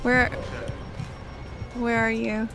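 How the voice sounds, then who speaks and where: A woman's voice: fairly high pitch, completely flat delivery, drawn-out words, fairly bright tone, a little hiss or hum. A woman streamer chatting casually while playing a co-op horror game, giggling and shrieking with fright. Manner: giggly, shrieks and swears when scared. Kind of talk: casual co-op gaming chat.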